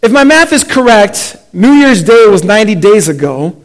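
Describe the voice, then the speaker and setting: High-voiced man preaching a sermon. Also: very animated. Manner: reads slowly, dropping to a hushed, low delivery at key lines; invites the congregation to read aloud with him. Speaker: pastor. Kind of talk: sermon with scripture reading. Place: church sanctuary.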